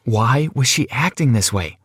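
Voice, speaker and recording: Husky young man narrating dramatically. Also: medium pitch, expressive, a little slow, fairly bright tone, soft background music. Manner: dramatic, self-questioning. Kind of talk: first-person story narration.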